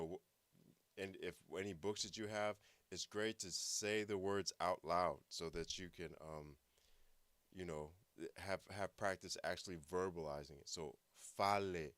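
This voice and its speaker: A man's voice: low voice, a bit bright, smooth, dry recording. A man teaching a language class, patiently explaining and repeating words for practice. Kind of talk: online language lesson.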